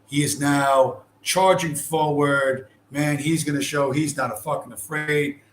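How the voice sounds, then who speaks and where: A man's voice: on the high side, fairly even intonation, unhurried, a little hiss or hum. Male commentator, blunt and sarcastic, swears constantly; echoey room, faint ambience. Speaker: video commentator. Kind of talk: profane commentary over a screen-shared video.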